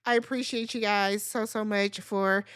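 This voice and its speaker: A woman's voice: medium pitch, fairly even intonation, normal speed, a bit bright, clear, resonant tone. A woman hosting a reality TV recap, talking in a blunt, sassy and profane way. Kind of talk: casual recap commentary.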